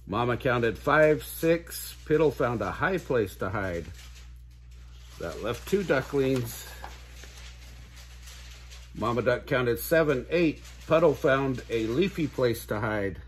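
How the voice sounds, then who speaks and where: An older man reads a children's picture book aloud at an unhurried, slow pace. His voice is husky and soft-edged, and he chuckles lightly as he goes along. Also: medium pitch, lively intonation. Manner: slow, gentle reading with little chuckles. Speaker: read-aloud host.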